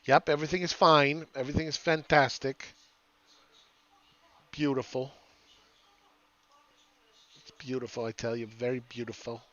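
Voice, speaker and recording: A man's voice: mid-range voice, level tone, fast, a little mellow, dull audio, lightly acted. A man doing a sing-song, gushing voice of an old lady from a Florida retirement town.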